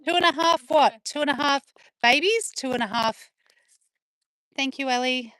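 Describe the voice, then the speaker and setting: A woman's voice: high voice, a bit bright, no echo. Chatty woman, dry close sound. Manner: chatty, playful, teasing. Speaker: vlogger. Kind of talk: casual chat to camera and to her dogs. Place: outdoors on a farm.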